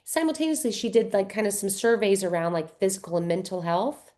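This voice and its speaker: A woman giving a slide presentation to caregivers in a folksy, conversational way, asking gentle coaching questions and often tagging on "right?". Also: medium pitch, fairly quick. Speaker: workshop speaker for caregivers.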